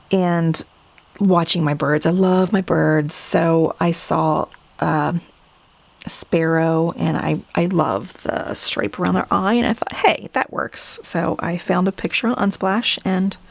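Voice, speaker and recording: A woman's voice: fairly low pitch, creaky, a little mellow, no echo. A middle-aged woman narrating a casual flip-through of her sketchbook, chatty and self-deprecating. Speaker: artist showing her sketchbook.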